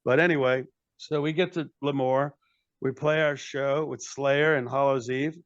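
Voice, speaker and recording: A man's voice: medium pitch, steady tone, normal speed, smooth, no room sound, highs cut off. An older man, a metal band frontman and podcast guest, telling long rambling stories in casual chat, often acting out what others said. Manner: rambling anecdotes with acted quotes and restarts.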